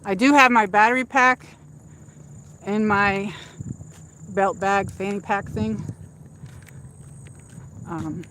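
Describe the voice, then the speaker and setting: A woman's voice: medium pitch, takes it slowly, pauses often, a bit bright, a little hiss or hum. A woman hosting a casual livestream while walking outdoors, chatting in a rambling way with lots of fillers, speaking into a handheld phone. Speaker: livestream host. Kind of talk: casual walk-and-talk chat. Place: outdoors in a shopping area at dusk.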